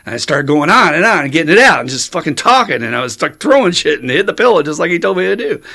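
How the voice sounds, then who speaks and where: A man's voice: fairly high pitch, sing-song, fast talker, gravelly, bright, forceful tone. A man telling his own story to a recovery meeting, blunt, profane and self-mocking. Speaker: speaker sharing at a recovery meeting. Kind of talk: candid storytelling talk.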